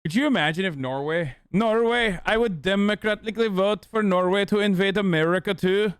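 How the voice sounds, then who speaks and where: A man's voice: sits high, a little fast, clean tone, no echo, studio quality. A young man casually reacting to a video, blunt and profane, swearing freely.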